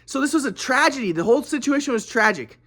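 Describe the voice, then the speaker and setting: Halting young man telling a story. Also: very high-pitched, animated, a bit bright. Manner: halting, repeats words and restarts often. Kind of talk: casual storytelling monologue.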